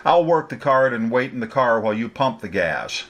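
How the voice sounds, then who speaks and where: A man reading a story, voicing a playful, quick-witted young woman who is a runaway heiress. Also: mid-range voice, big pitch swings, a bit bright.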